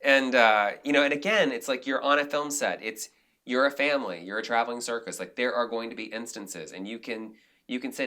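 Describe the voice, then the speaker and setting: A man's voice: medium pitch, fairly quick, sharp tone. A man, a film director as a podcast guest, talking candidly in a casual interview with frequent restarts and fillers.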